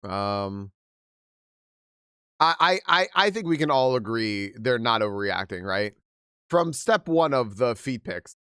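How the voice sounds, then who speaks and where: A young man on a livestream reads a post aloud and reacts in loose, casual chat. He laughs often and stumbles through quick restarts. His average-pitched voice sounds close and dry, with no room around it. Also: sing-song, pushed and bright, clean tone, no echo. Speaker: livestream host.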